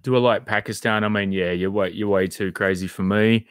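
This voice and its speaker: A man's voice: fairly low pitch, steady tone, brisk, smooth, no room sound, clean studio sound. A man hosting a live stream, answering viewer comments in a loose, rambling chat and swearing now and then. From Australia.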